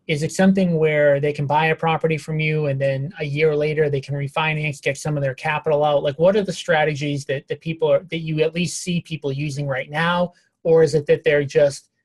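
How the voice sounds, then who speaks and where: A man hosting a podcast interview, asking questions in a chatty way and thinking out loud as he talks. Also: a little high. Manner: chatty, thinks aloud with fillers and restarts. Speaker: podcast host.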